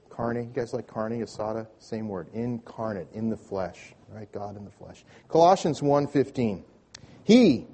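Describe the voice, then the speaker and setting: A man's voice: medium pitch, mellow, breathy edge. A male pastor delivering a sermon, restarting phrases with repeated words and leading the congregation to speak lines back.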